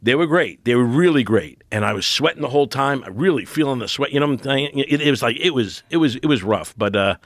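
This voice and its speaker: A man's voice: medium pitch, fast talker, few pauses, no echo. Man telling a rambling comedy-gig story. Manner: rambling, self-interrupting, animated retelling. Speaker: comedian guest. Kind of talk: casual podcast storytelling.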